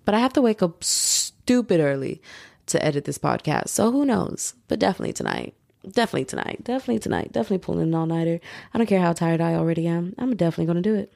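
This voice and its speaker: Young female podcast host, rambling animated chat, gravelly fry, dead-dry room. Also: fairly low pitch, fast, no echo. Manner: animated, chatty, rambling with fillers. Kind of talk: casual solo podcast chat.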